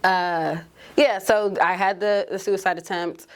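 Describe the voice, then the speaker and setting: A woman's voice: medium pitch, a little slow. A woman in her twenties, a journalist guest telling her story openly in a podcast interview, acting out what people said. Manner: open, animated storyteller who acts out quotes. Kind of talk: candid conversational interview.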